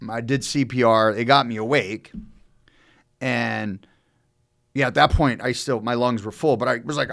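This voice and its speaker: On a podcast, a middle-aged man tells a long, rambling story, swearing often and speaking loosely and with animation. His voice is mid-range at a normal speed.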